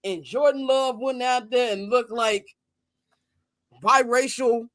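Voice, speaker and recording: A man hosting a casual sports talk podcast, animated, swinging between loud and soft, swearing casually. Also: very high voice, slow pace, dry recording. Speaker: podcast host.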